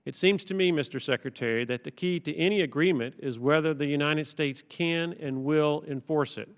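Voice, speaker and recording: A man, a congressman, questioning a witness at a hearing, deliberately reading out prepared quotations with emphasis. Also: a little high. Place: large hearing room. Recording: long reverb from a large hall.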